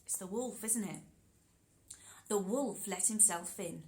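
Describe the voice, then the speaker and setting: A woman telling an interactive children's story, animated and encouraging, often talking straight to the children. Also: medium pitch, measured pace, a little hiss or hum, low-quality recording. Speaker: storyteller and workshop leader.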